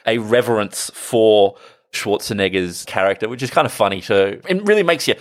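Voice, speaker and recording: A man co-hosting a casual film podcast, relaxed and amused, laughing easily as he recalls scenes. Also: fairly low pitch, moderate pace. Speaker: podcast co-host.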